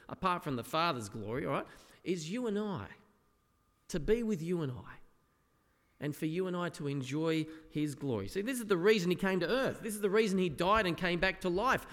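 Earnest male preacher in an echoey hall. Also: high voice. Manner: earnest, dropping to soft quiet tones for quotes. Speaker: pastor. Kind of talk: sermon. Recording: echoey hall with long reverb.

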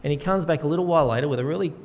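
A man pastor delivering a sermon in a relaxed, conversational storytelling way, with frequent fillers. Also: a little high, very fast. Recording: long hall reverb.

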